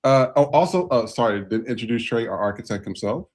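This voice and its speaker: A man's voice: mid-range voice, animated, a little fast, darkish tone. A man hosting a podcast in casual, loose conversation, talking over a video call setup. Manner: loose and conversational, with fillers and restarts. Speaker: podcast host.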